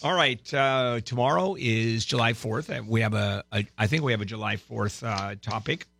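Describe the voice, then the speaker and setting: A man hosting a radio talk show in a studio, bantering casually with irreverent dark humor and halting, filler-heavy delivery. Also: mid-range voice, vocal fry, faint music behind. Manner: halting, with many filler sounds. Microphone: studio microphone.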